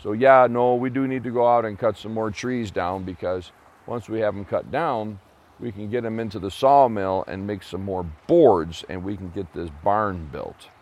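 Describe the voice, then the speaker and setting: Hearty, fatherly lumberjack, as a narrator puts him on in a storybook tale, loud and folksy. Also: lowish voice, moderate pace, lightly acted.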